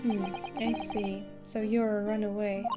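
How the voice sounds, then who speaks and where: A woman reading aloud the lines of a polite, sharp-witted young man, measured, with game music behind. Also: mid-range voice, little pitch movement, natural voice. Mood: probing.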